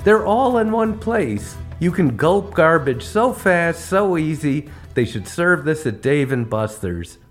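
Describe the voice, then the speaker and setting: A man's voice: fairly high pitch, big pitch swings, slow, few pauses, faint music behind. A man hosting a podcast, telling comic travel stories with a wry, punchline-driven delivery. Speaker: podcast host. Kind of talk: comedic travel storytelling.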